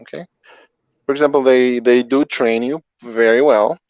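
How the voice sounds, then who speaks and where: A man's voice: medium pitch, fairly even intonation, normal speed, darkish tone, clean tone, no echo. Guest: Spanish-native male interpreter, chatty and full of examples, muffled dry call audio. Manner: chatty, explains with examples, filler-heavy. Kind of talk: casual interview answers.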